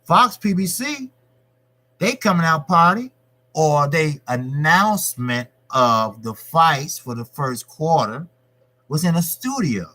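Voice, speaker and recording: Man, boxing stream host, casual profane rant, slightly high voice, repeats himself. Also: slow. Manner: profane, repetitive, animated.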